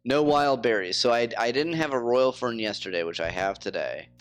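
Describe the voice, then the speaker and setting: A man's voice: mid-range voice, moderate pace, smooth, faint music behind. A man chatting casually on a live game stream, rambling with lots of fillers.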